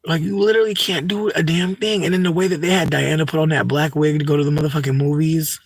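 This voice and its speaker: A man's voice: fairly high pitch, fairly even intonation, fast, slightly rough, no room sound. Campy, chatty young man. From United States. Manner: profane, campy, chatty, with frequent asides. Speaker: vlogger. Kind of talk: casual unscripted monologue.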